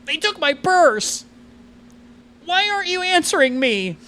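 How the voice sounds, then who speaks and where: A man voicing a frantic, confused old lady who pleads in a high, shrill voice. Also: sing-song, a little slow, pushed and bright, exaggerated voice. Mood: panicked.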